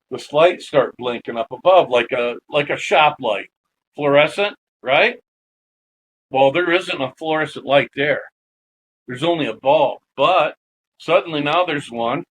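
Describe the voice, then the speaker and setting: Guy spinning a spooky tale on a podcast, kinda high voice, animated and cussing a lot. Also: measured pace, a little hiss or hum, rough recording. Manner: animated, swears freely. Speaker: guest. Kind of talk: casual storytelling.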